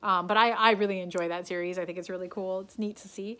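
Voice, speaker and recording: A woman's voice: mid-range voice, steady tone, fast talker, bright, forceful tone. A woman from Canada chatting casually to a pen pal on video, rambling with lots of ums and restarts.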